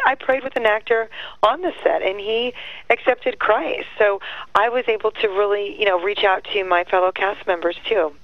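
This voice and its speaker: A middle-aged woman guest tells her stories with lively energy and swings her pitch high when she quotes others. Her voice comes over a muffled phone line, dry and close. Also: no echo. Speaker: guest, actress and singer. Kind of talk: animated storytelling interview.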